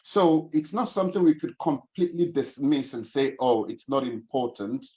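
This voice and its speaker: A man hosts an online webinar as a financial coach. He talks in an upbeat, chatty way and greets people by name, his voice sitting at an ordinary middle pitch. The sound comes through a video call. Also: lively intonation, moderate pace, warm tone. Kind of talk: casual online webinar hosting.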